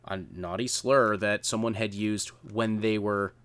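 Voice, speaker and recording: A man co-hosting a podcast, making quick, pointed arguments in casual commentary. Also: on the low side, fairly even intonation, a bit bright, smooth. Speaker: podcast co-host.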